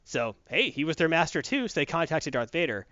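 Brief: lively storytelling male co-host, voice leaps around, dull, dry sound. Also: on the high side, brisk, no room sound. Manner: animated retelling, acts out characters. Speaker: podcast co-host. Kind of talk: casual chat.

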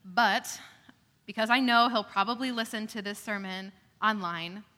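A woman pastor giving a sermon in a measured way, with dry joking asides. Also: medium pitch, sharp tone, long reverb tail. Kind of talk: scripture reading and sermon.

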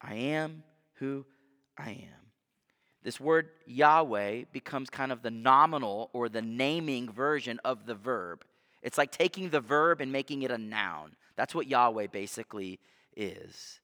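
A man's voice: mid-range voice, measured pace, bright, forceful tone. A man preaching a sermon as pastor in a conversational style, now and then acting out quoted voices. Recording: long reverb of a church hall.

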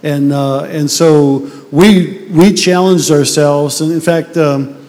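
A man's voice: fairly high pitch, fairly even intonation, slow, a little mellow, big-room sound. A man preaching as pastor, earnest and conversational, often restarting his sentences. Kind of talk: sermon.

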